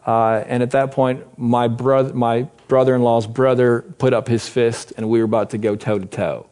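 A man in his late thirties, an animated preacher telling a personal story to a congregation and swinging from loud to hushed. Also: medium pitch, moderate pace.

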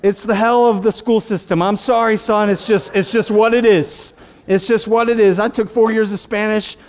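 A male pastor preaching a sermon in an animated, emphatic way, with jokes and asides. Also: high voice, moderate pace.

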